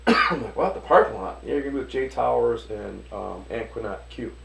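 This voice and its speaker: A Detroit chef spins a lively yarn in a gravelly voice, jumping into the voices of the people in his story. He talks the loose, casual way a man does among friends. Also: mid-range voice, moderate pace, low-quality recording. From Detroit, USA. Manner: animated storyteller, acts out voices, swears casually. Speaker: restaurant owner and chef.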